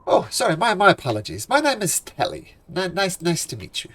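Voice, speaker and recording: A man's voice: sits high, wildly swooping pitch, a little fast, fairly bright tone, pitched above the performer's own voice, full character voice. A man voicing an earnest, nervous male half-elf naturalist who stammers and restarts his words politely in a tabletop game. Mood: polite, curious.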